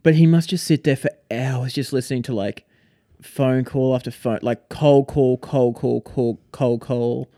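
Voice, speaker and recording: A young man chats casually on a podcast, spinning an animated story packed with "like". His voice sits at an ordinary middle pitch, recorded close and dry. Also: a little slow, no room sound. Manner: animated storytelling with frequent "like" fillers. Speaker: podcast co-host. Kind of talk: casual chat.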